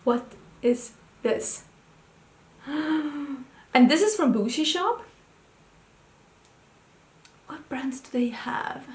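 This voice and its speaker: A young adult woman vlogger chatting casually and thinking aloud, excitable and full of questions. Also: high voice, slow pace, long pauses. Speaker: beauty vlogger. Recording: roomy echo.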